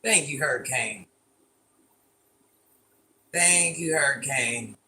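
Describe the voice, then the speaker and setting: A woman of about fifty hosts a loose livestream from her living room. She reads viewer comments off her phone and teases them, and she likes to say the same line twice. Her voice is bright and sharp, with a faint hum of room noise behind it. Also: a bass voice, animated, slow pace. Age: around fifty. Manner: chatty and teasing, repeats lines playfully, calls herself Granny. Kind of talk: casual livestream chat, reading viewer comments aloud.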